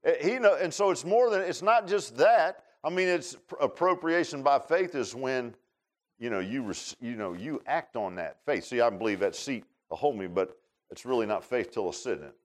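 A man's voice: medium pitch, lively intonation, moderate pace. A man preaching a sermon in a folksy, conversational way. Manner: folksy, conversational preaching with rural Southern grammar.

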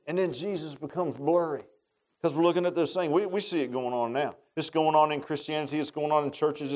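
A man preaching a sermon in a folksy, animated storytelling way, often restarting his sentences. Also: a little high.

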